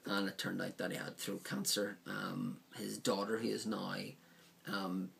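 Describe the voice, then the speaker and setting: A man's voice: on the low side, flat delivery, unhurried, vocal fry, fairly bright tone, slight background noise. A man casually reviewing a DVD set, rambling with frequent ums and likes.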